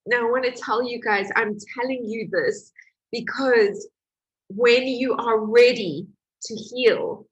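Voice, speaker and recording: A woman's voice: a little high, slow pace, breathy edge, muffled recording. A woman, a healing course coach giving a candid motivational talk, telling her story with emotion and confessional openness.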